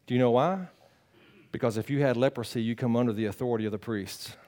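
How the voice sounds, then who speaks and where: Man, pastor, sermon, middle-pitched voice, animated, loud bursts then quiet. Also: quick pace. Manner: animated, swings between loud bursts and quiet earnest talk; conversational, teasing the congregation.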